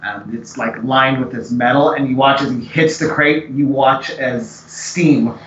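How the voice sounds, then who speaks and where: A man running a tabletop game as game master, narrating in a relaxed way with many fillers. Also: medium pitch, a little slow. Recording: echoey room, dull lo-fi mic with faint hiss.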